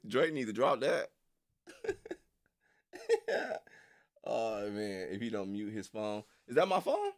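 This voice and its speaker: A young man streaming casually to his viewers: loose, slangy, laughing often and jumping into high squeals. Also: wildly swooping pitch, takes it slowly, long pauses, a bit bright. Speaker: streamer reacting to videos. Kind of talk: casual chat with live viewers.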